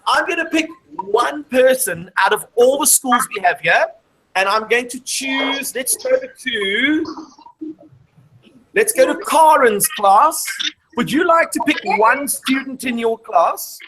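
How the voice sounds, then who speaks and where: High-voiced woman teaching a maths show. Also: lively intonation, slow, a bit bright, slight background noise, poor audio. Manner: explains step by step, quizzing the class. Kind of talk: live maths show for schoolchildren. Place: classroom.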